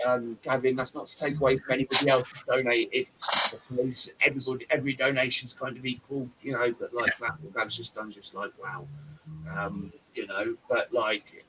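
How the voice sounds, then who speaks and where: A man hosting a casual live stream in a voice of ordinary pitch. He talks in a rambling, effusive way, circling back with plenty of fillers. There is faint noise behind him. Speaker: host.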